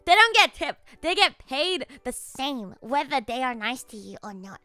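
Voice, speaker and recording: A woman streamer telling a story to her chat in a casual, animated way, swearing often and laughing a lot. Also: fairly high pitch, moderate pace, no echo.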